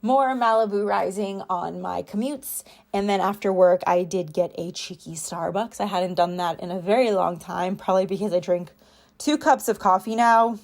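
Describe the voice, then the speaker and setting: A young woman in a rambling, chatty voiceover, recorded at home on her own mic. She talks through her week in a casual, self-deprecating way, with a voice of middling pitch. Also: normal speed, vocal fry, a little mellow. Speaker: planner vlogger.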